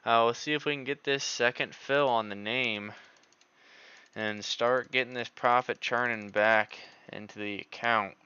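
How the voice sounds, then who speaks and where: Male trading streamer, bright tone, hesitant thinking-aloud delivery, muffled audio. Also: mid-range voice, steady tone, measured pace, smooth, no room sound. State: out of breath. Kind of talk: live market commentary.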